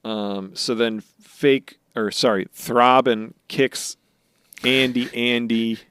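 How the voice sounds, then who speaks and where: A man's voice: mid-range voice, fairly even intonation, takes it slowly, fairly bright tone, clean tone, no room sound. A man hosting a casual comedy podcast, rambling through a recap and slipping into playful quoted voices. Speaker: podcast host.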